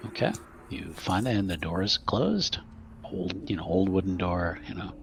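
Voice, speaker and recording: A man narrating as game master of a tabletop horror game, halting with many fillers and restarts. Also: low-pitched, lively intonation, creaky, slight background noise.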